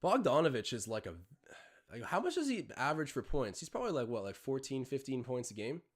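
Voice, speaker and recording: A man's voice: mid-range voice, very animated, fairly quick. A young Canadian man hosting a live watch-along stream, mixing casual play-by-play with rambling chatty tangents.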